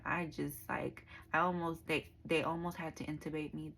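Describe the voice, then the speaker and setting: A woman's voice: low-pitched, fairly even intonation, moderate pace, vocal fry, a bit bright, a little hiss or hum, low-quality recording. A young woman telling her personal faith testimony in a casual, conversational way, full of fillers and acted-out dialogue. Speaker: speaker giving a personal testimony.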